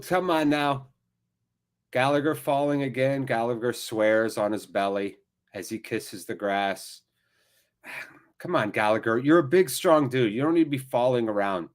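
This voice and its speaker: A man's voice: mid-range voice, expressive, moderate pace. A man hosting a live watchalong, giving casual, jokey play-by-play with rambling asides. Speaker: watchalong host. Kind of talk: casual live match commentary.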